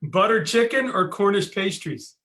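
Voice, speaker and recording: A man hosting a casual podcast interview, friendly and quick to laugh as he asks his questions. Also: high-pitched, animated, sharp tone. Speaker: podcast host.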